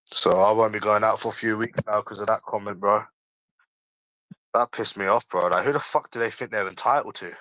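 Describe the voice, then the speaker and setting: A brisk, sharp-toned man with a voice on the low side comes through in a dry, rough recording. He's in his early twenties, speaks with a London accent, and hosts a casual livestream where he answers chat defensively, arguing in slang and hammering the same points.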